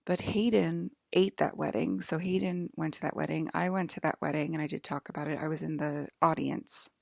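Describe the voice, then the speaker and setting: Anxious woman vlogger, low and heavily fried, wandering talk, dry close sound. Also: fairly even intonation, a little fast, creaky, dry recording. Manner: hesitant, full of fillers and restarts. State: jittery and anxious. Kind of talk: rambling personal monologue.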